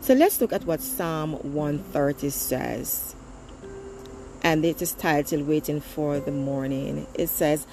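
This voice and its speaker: Slow, fervent woman preaching over music. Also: gravelly, darkish tone, poor audio. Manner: slow, fervent preaching with sudden rises and drops in pitch. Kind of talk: sermon.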